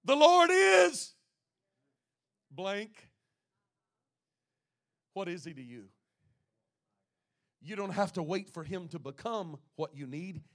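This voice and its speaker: A man with a high-pitched voice preaches a sermon. He swings from ringing exclamations down to hushed, intimate asides, and he reads scripture aloud between his points. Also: slow, long pauses. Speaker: pastor.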